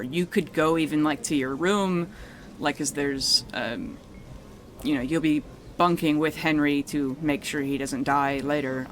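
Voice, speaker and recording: A man's voice: a little high, slight background noise. A man narrating a tabletop game as game master, casual and rambling, swearing freely.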